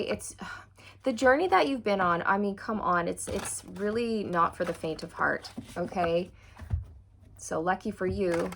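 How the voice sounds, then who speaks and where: Excitable woman doing a tarot reading. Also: medium pitch, creaky, a little hiss or hum. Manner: excitable, breaks into squeals and laughter; encouraging, talks straight to the viewer. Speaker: tarot reader. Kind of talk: channeled tarot reading to viewers.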